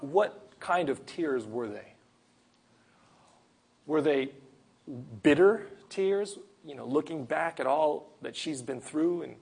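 A man preaching a sermon, retelling a Gospel story in an earnest, storytelling way with pauses and sudden emphasis. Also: fairly high pitch, gravelly, husky.

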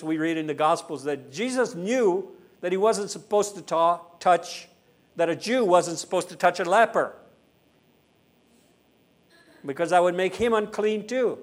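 A man delivering a sermon in a slightly higher voice than most men. He talks with the congregation more than at them, tossing in tag questions. He lingers on the big lines and says them again slowly. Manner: conversational preaching with tag questions, slow emphatic repetition. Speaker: preacher.

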